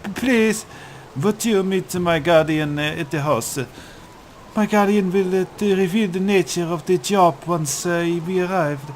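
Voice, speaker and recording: A man's voice: medium pitch, a little slow, slight background noise, pitched below the performer's own voice, close to an everyday voice. A man voicing a nervous young boy who speaks in an odd accent, stammering and pleading in a let's-play.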